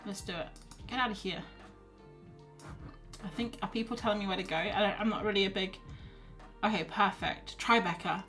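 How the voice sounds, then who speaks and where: A woman's voice: mid-range voice, normal speed, long pauses, fairly bright tone. Chatty woman streamer, faint music behind. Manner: chatty, self-deprecating, thinks aloud while reading chat. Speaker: art streamer. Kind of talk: casual livestream chat.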